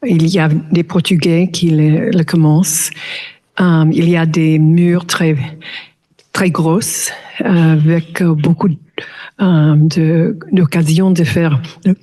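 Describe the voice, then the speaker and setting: A woman in the audience asking a question at a lecture, pausing often to search for words. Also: low-pitched, steady tone, mellow. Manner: searching for words, many fillers.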